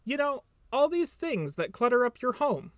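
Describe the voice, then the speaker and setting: Male reader doing small timid piglet, high squeak, storybook, dry sound. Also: big pitch swings, moderate pace, no room sound. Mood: excited.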